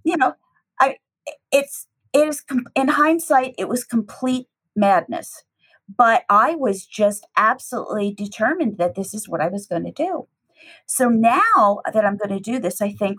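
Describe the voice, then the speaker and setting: A woman's voice: a little slow, husky, poor audio. A middle-aged woman from the United States, a teacher, telling a personal story with animation and acting out the dialogue. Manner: lively, acts out dialogue with shifting pitch.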